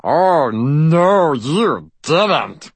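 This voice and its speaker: A man voicing a tiny, hot-tempered male fairy warrior who speaks in a shrill, theatrical, haughty way. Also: very animated, slow, pushed and bright, breathy edge, no room sound, exaggerated voice. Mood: outraged. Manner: haughty, declamatory.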